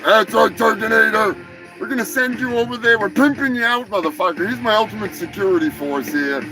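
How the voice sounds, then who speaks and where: A man hosting a comedic live show, talking loudly in profane, rambling banter. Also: sits high, a little fast, gravelly, music in the background, poor audio. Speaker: host.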